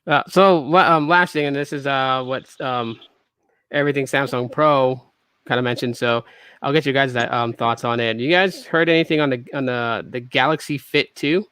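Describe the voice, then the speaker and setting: A man's voice: mid-range voice, normal speed, fairly bright tone, clean tone, dry recording. Man hosting a casual tech podcast. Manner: hesitant, many restarts and fillers. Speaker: podcast host.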